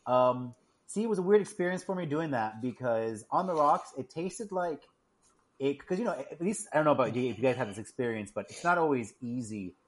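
Male co-host, mid pitch, stumbling casual chat. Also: lively intonation. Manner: halting, repeats words, self-deprecating. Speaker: podcast co-host.

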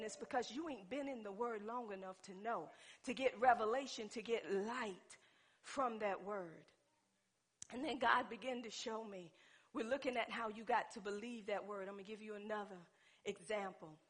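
A woman preaching a sermon, swinging between loud exclaiming and hushed low tones and calling out to the congregation. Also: moderate pace, breathy edge.

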